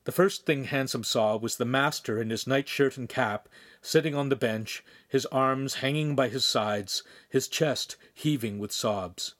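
A man reading a young adult novel aloud as narrator, steady and measured. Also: mid-range voice. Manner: steady storytelling, voices characters. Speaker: audiobook narrator. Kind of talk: scripted narration.

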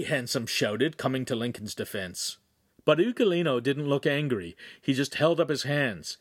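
A man reading a young adult novel aloud in a measured, even way. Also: mid-range voice, dry recording, studio quality. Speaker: audiobook narrator. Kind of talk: scripted narration.

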